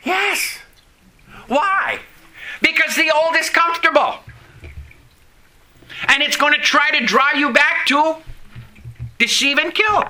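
High, bright-voiced male preacher. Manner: preaching with call-and-response, dramatic pauses and drops in pitch. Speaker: pastor. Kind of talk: sermon.

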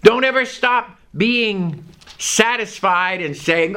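A man preaching a sermon to a congregation, reading scripture aloud and stressing key words in an emphatic, drawn-out delivery. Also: high-pitched, pushed and bright, a little hiss or hum.

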